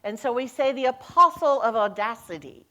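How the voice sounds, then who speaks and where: This middle-aged senior minister tells stories vividly during her sermon, dramatizing quoted lines while her voice climbs and falls. Her voice is a little high, and she keeps a moderate pace.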